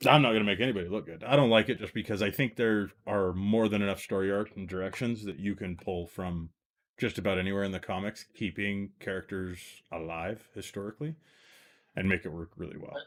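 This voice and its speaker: Blunt, low-voiced man teasing friends. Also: fairly even intonation, brisk. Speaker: podcast co-host. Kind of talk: casual comic-book chat.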